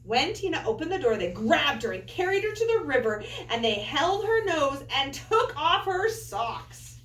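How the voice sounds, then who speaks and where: Animated woman teacher reading aloud. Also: high voice, normal speed, a little hiss or hum. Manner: animated storyteller, playful asides. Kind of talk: reading a picture book aloud to children. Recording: echoey room, far from mic.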